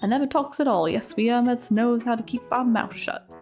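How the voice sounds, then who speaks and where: A woman's voice: on the high side, fairly quick, darkish tone, faint music behind, voice pushed up, close to an everyday voice. A woman voicing a chatty old male cave hermit who rambles in folksy dialect grammar, reading his lines in a put-on accent. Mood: cheery rambling.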